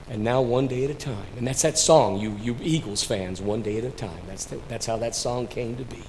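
A man preaching a sermon, swinging between soft, low asides and loud, rising declarations, and addressing listeners by name. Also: normal speed, a little hiss or hum, poor audio.

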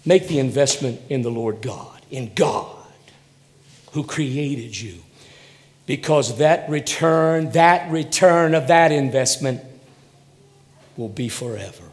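A male pastor preaching a sermon, swinging between loud bursts and hushed near-whispers. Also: medium pitch, slow pace, long pauses. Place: church sanctuary. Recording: long hall reverb.

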